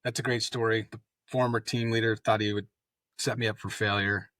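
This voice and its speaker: A middle-aged former Green Beret officer, a guest on a podcast, tells stories in a casual interview and acts out the quoted dialogue with animation. His voice is lowish and fairly quick, recorded with no room sound.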